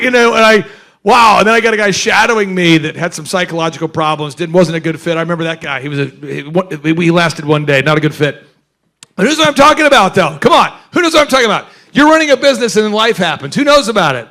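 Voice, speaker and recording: A man hosting a business workshop, talking to a live audience in an animated, joking way and firing questions at the crowd. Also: high voice, fast talker. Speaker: host. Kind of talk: energetic business workshop talk.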